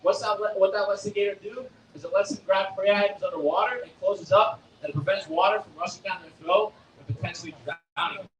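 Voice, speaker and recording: Young male gator-show presenter, high tenor, cracking jokes at a crowd; distant echoey outdoor capture. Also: steady tone, fast talker, hardly any pauses, fairly bright tone, slight background noise. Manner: joking, quizzing and teasing the audience. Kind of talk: live animal show talk to a crowd. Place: outdoor alligator show arena at a theme park.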